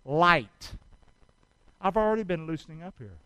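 A man preaching a sermon, calling on the congregation to repeat after him and shouting exhortations. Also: high voice, animated, moderate pace, dry recording, low-quality recording. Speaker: pastor.

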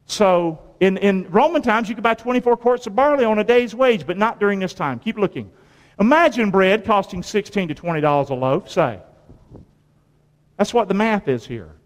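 A man's voice: high-pitched, animated, normal speed. A male preacher delivering a colloquial sermon, quizzing his congregation with call-and-response questions and repeating phrases for emphasis. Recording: long reverb of a large hall.

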